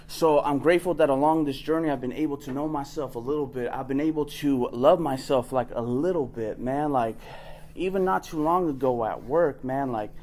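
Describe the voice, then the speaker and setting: A young man with a slightly high voice shares his recovery story at a workshop. He talks in a loose, street-casual way, swears freely, and keeps checking in with "right?" and "you know what I mean?". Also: darkish tone. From Los Angeles area. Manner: candid, profane, street-casual with many "like" and "right?". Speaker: recovery convention speaker.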